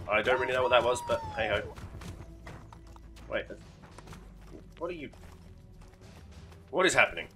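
A man's voice: mid-range voice, bright, forceful tone. A man giving casual, sweary, rambling commentary while playing a video game, often mocking himself. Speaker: gaming YouTuber.

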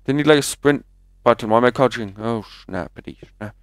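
A man's voice: medium pitch, fairly quick, smooth, dry recording. A man giving rambling live commentary while playing a video game, chatty and prone to jumpy exclamations. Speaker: gaming commentator. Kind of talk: live let's-play commentary.

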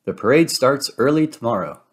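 A man's voice: medium pitch, lively intonation, fairly quick, breathy edge. A man voicing a sweet, cheerful female cartoon mouse in a storybook read-aloud, upbeat and encouraging.

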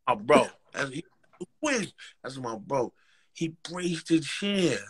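A man with a New York accent tells stories in a casual interview, slangy and animated. His voice is husky but bright and forward. His pitch leaps up and down as he acts out what people said. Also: takes it slowly. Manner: animated street slang, acts out quotes, frequent laughs. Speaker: rapper, interview guest.

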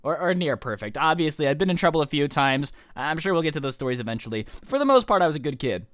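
Fast-talking young man ranting. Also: a little high, dry recording, studio quality. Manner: fast, animated ranting with swearing. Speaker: YouTuber. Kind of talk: storytime vlog.

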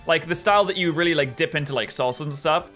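A man's voice: on the high side, fast, pushed and bright, soft background music. A British man commentating his gameplay casually, grumbling and exasperated at the game. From United Kingdom. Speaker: gaming video host.

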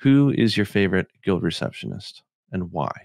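A man's voice: sits low, very animated, normal speed, gravelly, darkish tone, no room sound, studio quality. A middle-aged man co-hosting a podcast, chatting casually and rambling with lots of filler words. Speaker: podcast co-host.

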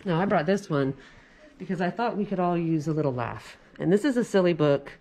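Children's librarian, woman, forties: storytime reader, animated, chatty with kids. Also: on the low side, brisk. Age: 40s. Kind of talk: reading a picture book aloud to children.

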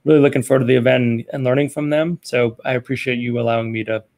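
Man, school official at a meeting, gravelly and quick, rambling casual remarks. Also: mid-range voice, fairly even intonation, darkish tone. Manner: rambling, loose and conversational.

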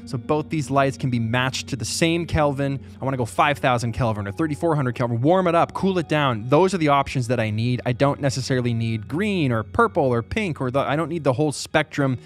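A man giving a casual tour of his video studio gear on a boom mic, joking with animated asides. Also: a little fast, hardly any pauses, faint music behind. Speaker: YouTube creator.

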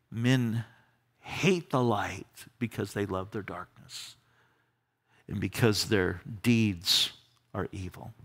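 Man, pastor, church sermon, bright forceful tone, animated delivery. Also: lowish voice. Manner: animated, repeats words when starting sentences. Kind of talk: verse-by-verse Bible study sermon. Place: church during a live service.

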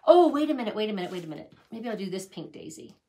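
A woman's voice: mid-range voice, very animated, racing, warm tone. A middle-aged woman hosting a casual craft tutorial, chatty and gushing over her handmade pieces. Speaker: craft channel host.

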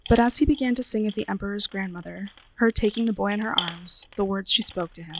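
A woman librarian reads a spooky tale aloud, shaping each line with drama. Her mid-pitched voice carries a gravelly edge. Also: fast talker, low-quality recording. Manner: expressive, dramatic storytelling. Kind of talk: storybook reading aloud.

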